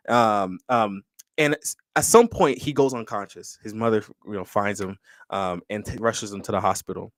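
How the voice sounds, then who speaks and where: A man's voice: fairly low pitch, fairly quick, no echo. A young man, a podcast guest, telling a long personal story in casual conversation, with many restarts.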